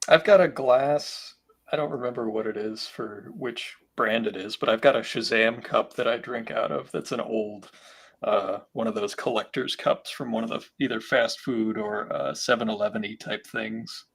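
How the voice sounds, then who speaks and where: A man's voice: lowish voice, fairly even intonation, moderate pace, fairly bright tone. A middle-aged man chatting casually on a live stream, telling long convention anecdotes with lots of fillers. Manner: rambling anecdotes with many fillers. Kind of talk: casual chat.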